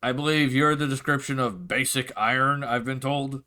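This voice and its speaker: A big, hearty orc innkeeper, put on by a man in a tabletop game, gruff and friendly as he pushes food on his guests. The voice sits a little higher and louder than the man's everyday talk, with a bright, forceful edge. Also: steady tone, normal speed, natural voice. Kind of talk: tabletop role-play voice.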